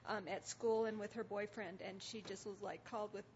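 A middle-aged woman giving devotional teaching with guided meditation, soft and hesitant with many pauses. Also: mid-range voice, steady tone, slight background noise. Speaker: women's ministry teacher. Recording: dull lo-fi recording.

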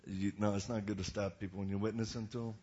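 Older man, preacher, animated storytelling sermon, sudden loud outbursts, dull lo-fi recording. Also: on the low side, fast. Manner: animated, acts out quotes with sudden loud bursts. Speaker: evangelist preacher. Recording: dull lo-fi sound.

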